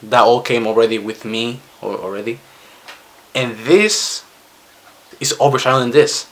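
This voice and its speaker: A man's voice: mid-range voice, measured pace. Young Spanish-accented man who stutters. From Spain. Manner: stuttering, with frequent restarts. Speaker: vlogger. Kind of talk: casual talk to camera.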